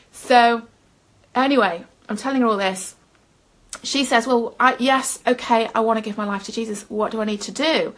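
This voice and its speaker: A woman's voice: fairly high pitch, a bit bright. A woman giving a personal testimony in an earnest storytelling manner, often laughing at herself. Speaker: Christian speaker.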